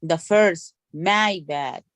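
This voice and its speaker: Slow-talking hesitant woman student. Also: lowish voice, fairly bright tone, no echo, rough recording. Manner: hesitant, unsure answers. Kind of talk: practicing pronunciation in class.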